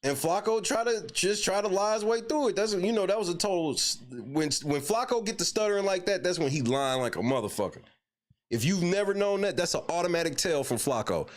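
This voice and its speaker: A man with a high voice that swings widely in pitch, hosting a casual reaction show. He curses freely and keeps breaking into laughter as he talks. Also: animated, fairly quick. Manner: loud laughing, profane, swaying between high and low pitch. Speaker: show host.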